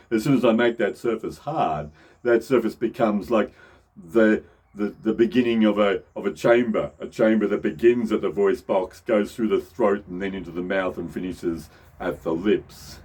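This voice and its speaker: A man's voice: fairly low pitch, moderate pace, a little mellow, slightly rough. A middle-aged man giving a casual voice lesson, often restarting and repeating phrases as he speaks. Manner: shifts into demonstration voices. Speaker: voice teacher.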